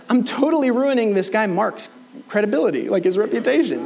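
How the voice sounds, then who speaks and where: A man's voice: sits high, expressive, brisk, creaky, darkish tone, poor audio. A middle-aged man preaching a sermon, telling a personal story and acting out both sides of the conversation. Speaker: pastor. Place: church hall.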